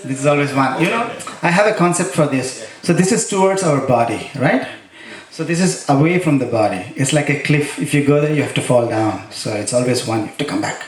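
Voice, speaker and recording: A man's voice: mid-range voice, expressive, fairly quick. A man leading a workshop demonstration, chanting rhythm syllables between spoken explanations. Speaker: konnakol workshop teacher. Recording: echoey room, heard from a distance.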